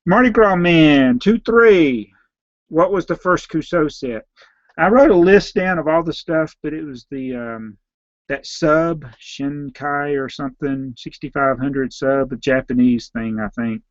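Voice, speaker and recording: A man with a Southern US accent, a slightly hoarse YouTube host who reads out viewer names and questions and answers them in a rambling, offhand way. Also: a little high, measured pace, no room sound, dull audio. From Southern United States. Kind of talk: casual live Q&A.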